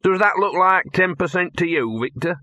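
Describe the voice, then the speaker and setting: A man's voice: high-pitched, expressive, normal speed, pushed and bright, no room sound, voice pushed up. A man voicing a cynical, bow-legged male talking dog with a sardonic, smug manner.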